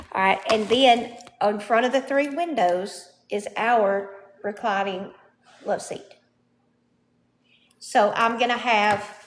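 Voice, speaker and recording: A woman's voice: fairly high pitch, a little hiss or hum. A woman giving a casual show-and-tell of her home furnishings, chatty and often checking in with the viewer. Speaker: home vlogger. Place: indoors at home.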